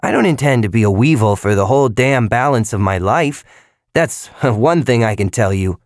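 A man voicing an angry curly-haired young man who speaks loudly and insistently. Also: a little high, very animated, moderate pace, no echo, clean studio sound, pitched above the performer's own voice. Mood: indignant. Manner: loud, insistent.

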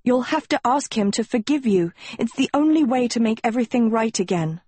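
A woman's voice: on the high side, animated, brisk, mellow, husky, dry recording, voice pushed up. A woman voicing an earnest teenage heroine in an audiobook, pleading and urgent. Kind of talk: audiobook character reading.

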